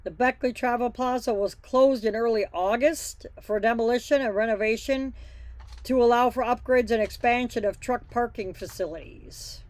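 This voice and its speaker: A woman's voice: medium pitch, a little mellow, no echo. A woman hosting a trucking news show, reading stories and breaking off for blunt, opinionated asides in plain folksy talk. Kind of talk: casual news reading with commentary.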